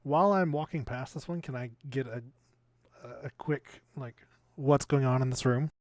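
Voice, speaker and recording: A man's voice: mid-range voice, moderate pace, darkish tone, no echo, studio quality. A man playing a tabletop game, speaking as his character in a haughty, commanding way. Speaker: player. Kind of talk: tabletop role-play.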